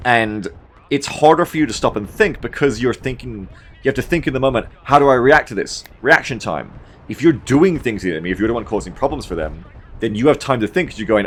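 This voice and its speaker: A man in his thirties giving a casual, animated game match review, swearing and acting out his own panicked reactions. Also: on the low side, quick pace. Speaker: gaming commentator.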